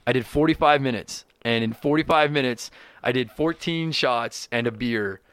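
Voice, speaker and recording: A young man from Canada spins comedy-tour stories, cursing freely and slipping into other people's voices. His tone is bright and forward, and the recording is close and dry with no room sound. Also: medium pitch, normal speed, clean tone, no room sound. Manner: profane, animated, acts out voices in stories. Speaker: stand-up comedian guest. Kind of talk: casual storytelling.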